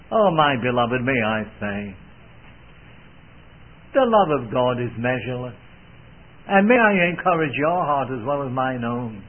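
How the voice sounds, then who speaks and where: A man's voice: medium pitch, very animated, a little slow, pauses often. A man preaching a sermon in an earnest, old-fashioned manner, swelling and dropping for emphasis. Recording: tinny phone-like band.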